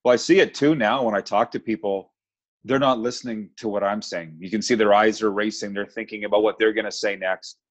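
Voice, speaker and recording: A man's voice: lowish voice, fairly even intonation, a little fast. A middle-aged man talking candidly as a podcast guest, telling stories about his past with self-deprecating honesty. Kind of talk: casual podcast interview. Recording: dull lo-fi sound.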